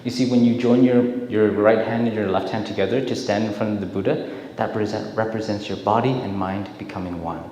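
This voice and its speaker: A man's voice: on the low side, steady tone, a little fast. A man giving a dharma talk in a temple hall, telling stories with frequent restarts and repeated words. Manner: storytelling, warm-hearted, repeats words. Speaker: dharma speaker. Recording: echoey hall, faint hiss.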